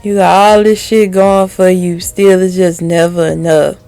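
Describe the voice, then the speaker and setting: A woman's voice: fairly low pitch, flat delivery, unhurried, mellow, faint music behind. A woman reviewing a TV episode to camera in a candid, heated, profane way, laughing often. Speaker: TV show reviewer. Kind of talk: casual video review.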